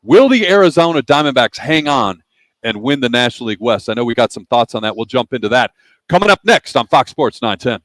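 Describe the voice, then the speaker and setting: A male sports radio host talks in a relaxed, upbeat way, reading picks and sponsor plugs without a hitch. His voice sits at an ordinary middle pitch. The sound is dry and close to the mic. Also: fairly quick, no echo. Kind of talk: casual sports talk. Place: broadcasting live from a sportsbook bar.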